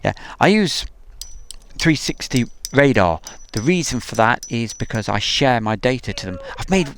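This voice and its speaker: Gravelly-voiced man chatting live. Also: mid-range voice, expressive, normal speed, fairly bright tone, a little hiss or hum. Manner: chatty, rambling, reads viewer messages aloud. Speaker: livestream host. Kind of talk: casual live-stream chat reading viewer comments. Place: outdoors at an airfield.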